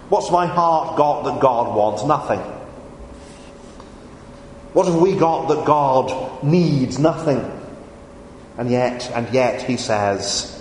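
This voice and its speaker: Slow, earnest preacher in an echoey hall. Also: male voice, medium pitch, a little mellow. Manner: slow, earnest, with repeated phrases. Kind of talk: communion sermon. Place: church. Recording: echoey hall, faint room noise.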